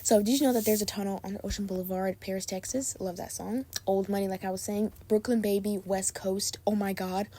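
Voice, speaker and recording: This young woman's voice is mid-range, warm and steady, coming fairly quickly with few pauses. Hosting her own podcast late at night, she sounds sleepy and tired yet still gushes in a bubbly, casual chat.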